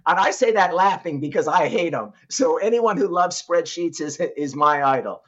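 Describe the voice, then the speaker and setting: A man's voice: fairly high pitch, lively intonation, moderate pace, few pauses, a bit bright. A middle-aged man talks as an interview guest, telling a story with lots of swing in his voice and frequent laughs. He restarts words often and keeps it casual. The recording sounds a little dull and lo-fi. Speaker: guest, entrepreneur.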